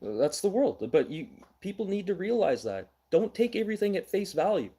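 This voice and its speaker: A man's voice: high voice, sing-song, moderate pace, mellow, breathy edge. A middle-aged man from Manitoba, hosting a casual livestream news show, blunt and ranting, swearing now and then. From Manitoba, Canada.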